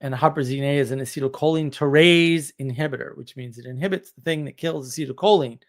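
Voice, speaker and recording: A man's voice: on the high side, fast talker. Rambling, chatty male livestreamer. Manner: rambling, chatty, laughs at own stories. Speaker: livestream host. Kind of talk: casual live-stream chat.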